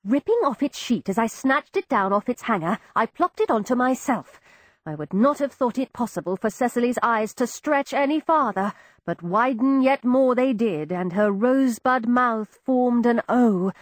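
A woman giving expressive first-person narration of an audiobook, voicing each character. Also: a little high, normal speed, no echo, studio quality.

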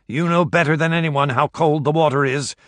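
A man's voice: lowish voice, moderate pace, dry recording. Male reader doing a cold captor figure for an audiobook: raised, clipped orders, dry sound. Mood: commanding. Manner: loud commanding calls, clipped orders. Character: ruthless male captor calling across a boat deck.

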